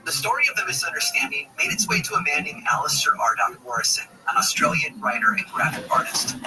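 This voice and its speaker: Lively man narrating a curious tale. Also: mid-range voice, quick pace. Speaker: podcast narrator. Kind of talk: scripted storytelling narration. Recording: distant broadcast sound with music underneath. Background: music.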